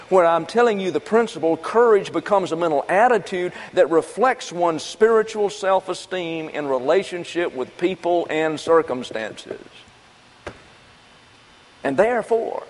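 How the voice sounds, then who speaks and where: A man preaching a sermon in a folksy, conversational way, asking and answering his own questions. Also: a little high. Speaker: pastor. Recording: long reverb of a church hall.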